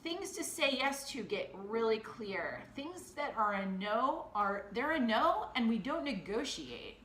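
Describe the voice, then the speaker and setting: A high-voiced woman in her thirties delivers a motivational monologue as a podcast host. Her tone is crisp and bright, and she swings between rapid excited bursts and slow, quiet emphasis. The recording carries a noticeable roomy echo. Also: a little hiss or hum. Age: 30s.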